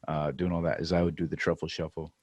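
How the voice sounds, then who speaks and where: Man, podcast co-host, laid-back storyteller, very low voice, dry sound. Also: level tone, fast, no echo. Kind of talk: casual chat.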